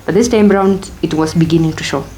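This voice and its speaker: A woman's voice: fairly low pitch, a little fast, dark tone, faint music behind. A young woman with a Kenyan accent, telling her own story as an interview guest, candid and reflective, slipping Swahili phrases into her English.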